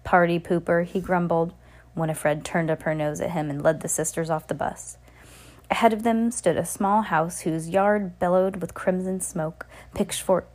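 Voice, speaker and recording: A woman's voice: lowish voice, a little mellow. A woman hosting a kids' reading podcast, reading a storybook aloud with playful asides to a child. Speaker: podcast host reading to kids.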